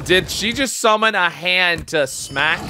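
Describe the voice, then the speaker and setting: A young man hosting a reaction video, excitedly shouting, swearing and laughing as he watches. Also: high-pitched, a little slow, background noise.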